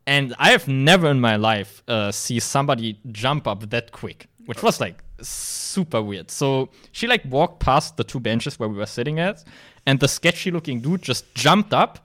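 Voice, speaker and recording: A man's voice: mid-range voice, lively intonation, moderate pace, a bit bright. A young man hosting a casual podcast, telling a story with lots of fillers. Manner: rambling storytelling with many fillers. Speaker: podcast host.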